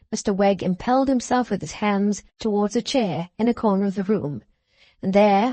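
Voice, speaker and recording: A woman narrating a classic novel in a measured, even storytelling voice, recorded at a close mic. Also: medium pitch, no room sound. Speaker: audiobook narrator.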